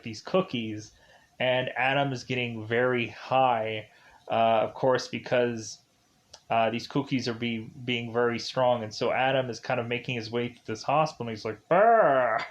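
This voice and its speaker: A man's voice: medium pitch, muffled recording. A man recapping a film in a casual, rambling way, with many fillers, and retelling the scenes loosely in the present tense. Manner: rambling, filler-heavy, with many likes and kinda's. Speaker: film reviewer. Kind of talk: casual spoken movie recap.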